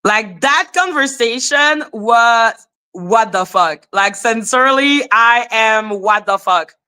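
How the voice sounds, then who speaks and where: A woman hosting a livestream, telling a story in a casual, animated, profane way, often laughing and breaking into shouts. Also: on the high side, slow, clean tone. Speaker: host.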